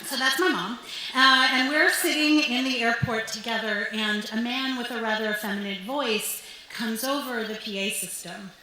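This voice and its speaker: A young woman tells a true story on stage with wry, upbeat comic timing. Her voice is bright and a touch high, and it rings out with a big echo in the club, with a faint hiss underneath. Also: normal speed.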